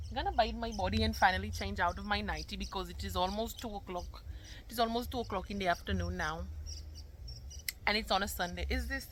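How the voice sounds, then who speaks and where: Young woman vlogger, mid-pitched, chatty and teasing, noisy home recording. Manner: chatty and playful, with sudden loud teasing bursts. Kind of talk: casual day-in-the-life vlog chat.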